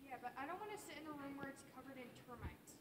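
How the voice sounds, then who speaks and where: A woman's voice: high voice, animated, very fast. A teen girl playing a restless young orphan girl. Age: teens. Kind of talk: live stage acting. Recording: audience noise around.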